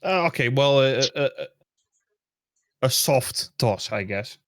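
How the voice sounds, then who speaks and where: A man playing a tabletop role-playing game in a casual, halting way, searching aloud for his words. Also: mid-range voice, expressive, fairly bright tone, no room sound, clean studio sound. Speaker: player.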